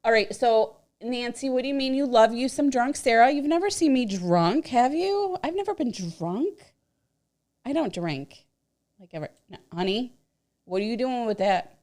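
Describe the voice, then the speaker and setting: A woman's voice: fairly high pitch, animated, moderate pace, darkish tone. A woman co-hosting a casual livestream, chatty and teasing, reading out viewer comments and laughing easily. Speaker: livestream co-host.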